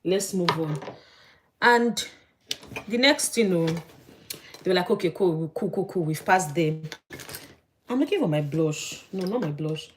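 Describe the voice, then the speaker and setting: Chatty woman, low voice. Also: a little slow, pauses often, slight background noise. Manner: chatty, animated gossiping. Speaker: vlogger. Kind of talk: casual chat while doing makeup.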